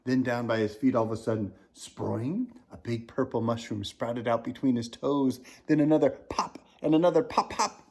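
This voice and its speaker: At a moderate pace with few pauses, a man who writes children's books reads a picture book aloud. He brings it to life with animated swings in pitch and loudness, occasionally falling to a whisper.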